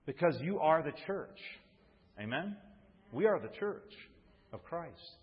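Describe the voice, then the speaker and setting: A man preaches a sermon from a church pulpit in a husky voice, often restarting his phrases and calling out to the congregation for a response. The sound is dull and muffled, with a long reverb trailing off through the sanctuary. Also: on the high side, expressive, slow. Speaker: pastor.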